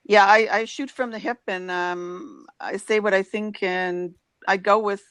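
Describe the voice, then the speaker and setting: Woman, 60s, effusive and chatty video-chat guest, plain mid-pitched voice. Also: fairly even intonation, a little slow, a bit bright, clean tone, no echo, low-quality recording.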